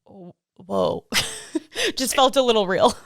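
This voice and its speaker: A woman speaks extremely slowly in a fairly high, sing-song voice, co-hosting a podcast from the American Midwest. She tells true-crime stories in a rambling, chatty way with frequent laughs and fillers. The sound is clean studio audio with no echo.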